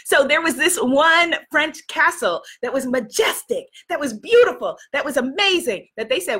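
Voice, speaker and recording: A woman from New York giving a casual motivational talk to a live audience, animated and laughing often, greeting viewers by name. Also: high voice, moderate pace, few pauses. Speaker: livestream host.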